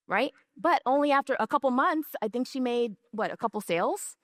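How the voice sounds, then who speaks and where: A woman's voice: high-pitched, animated, a little fast, few pauses, a bit bright, no echo, studio quality. A woman giving a conversational business presentation, telling stories and often checking in with the audience with "right?" and "okay?". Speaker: speaker at a business session.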